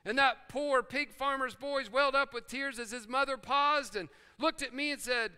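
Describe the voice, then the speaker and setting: A male pastor telling a family story in a sermon, with dramatic pauses and sudden drops to a hush. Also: very high voice, clean tone. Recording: long church-hall reverb.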